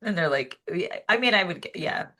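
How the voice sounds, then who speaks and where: A young woman co-hosting a film podcast in casual chat, chatty with quick reactions. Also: lowish voice, lively intonation, bright, forceful tone. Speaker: podcast co-host.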